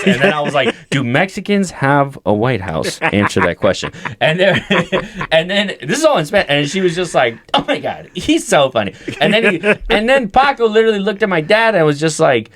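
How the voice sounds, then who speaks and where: A man in his thirties trades swear-laden stories on a comedy podcast, his pitch bouncing high and low as he acts out every line. The sound is close and dry, with no room around it. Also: big pitch swings, normal speed, a bit bright, dry recording. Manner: crude, joking storyteller, swears a lot. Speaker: podcast co-host. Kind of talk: casual comedy podcast banter.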